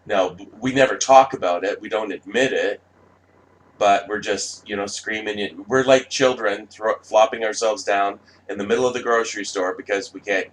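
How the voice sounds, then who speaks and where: A man's voice: lowish voice, steady tone, moderate pace, poor audio. A man delivering a rambling, profane ranting monologue as a vlogger, with many restarts.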